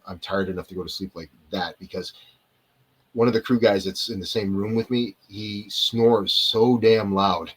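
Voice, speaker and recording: Husky, rambling man on a video call. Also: sits low, poor audio. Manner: rambling, digressive, loses and returns to his point. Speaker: actor, interview guest. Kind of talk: casual storytelling in a live interview.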